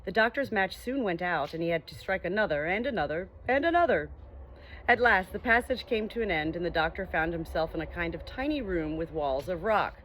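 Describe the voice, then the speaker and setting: A woman reading a children's story aloud with gentle, expressive narration. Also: lowish voice, brisk, a little hiss or hum. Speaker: audiobook reader.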